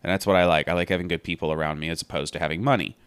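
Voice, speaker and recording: A man's voice: sits low, steady tone, very fast, a bit bright, smooth, no echo. A man giving casual, earnest Bible commentary, thinking aloud as he meanders from point to point. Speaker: Bible study podcaster.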